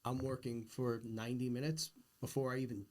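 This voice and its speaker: Middle-aged male podcast host, earnest and emphatic, mid-pitched. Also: flat delivery, a little fast, darkish tone. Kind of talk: casual conversation.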